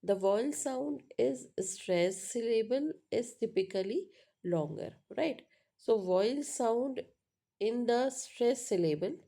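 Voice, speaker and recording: A woman teaching a lesson on word stress, pausing often with fillers and asking "right?" to check understanding. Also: a little high, animated, gravelly, mellow. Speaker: English teacher. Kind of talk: spoken lecture on pronunciation.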